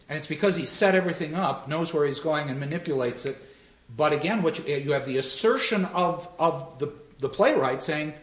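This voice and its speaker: In a dull, roomy recording, a man lectures on drama and takes audience questions, restarting often and animatedly acting out the lines he quotes. His voice is fairly high, expressive and brisk.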